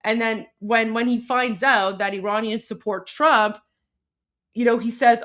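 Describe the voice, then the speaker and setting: A woman hosting a live stream, commenting excitedly and rambling with lots of fillers and restarts. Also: on the high side, measured pace. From Iran. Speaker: host.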